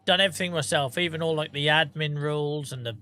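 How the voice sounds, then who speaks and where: A man's voice: on the high side, fast talker, bright, forceful tone. A tired man, chatting casually to viewers on a game livestream and telling rambling, sweary stories. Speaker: streamer.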